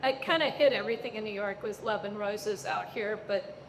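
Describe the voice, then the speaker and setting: A woman's voice: medium pitch, a little fast, noisy background. A middle-aged woman telling stories as an interview guest on stage, acting out the voices of people she quotes. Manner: animated, acts out quoted voices. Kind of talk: storytelling in a live onstage conversation. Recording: echoey hall with long reverb.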